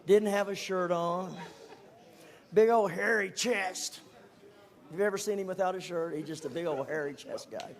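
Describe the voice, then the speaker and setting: An older man tells a personal story to a congregation in a high voice. He is animated and drops to a whisper for emphasis, then rises again. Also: moderate pace, creaky. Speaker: speaker giving a testimony.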